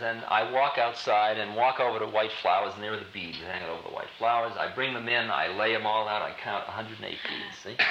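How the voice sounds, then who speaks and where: A man telling a spiritual story to an audience in loose, hip slang, with laughter running through his talk. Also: medium pitch. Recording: roomy, dull lo-fi archive recording with loud hiss.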